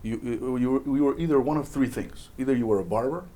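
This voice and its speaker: A man co-hosting a casual chat, relaxed and repeating words as he thinks aloud. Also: medium pitch, quick pace.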